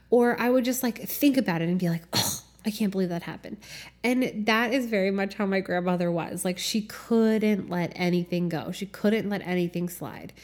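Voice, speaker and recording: A woman's voice: mid-range voice, darkish tone. A woman hosting a solo podcast, reflecting aloud in a casual, candid way, swearing and laughing often with lots of fillers. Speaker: podcast host.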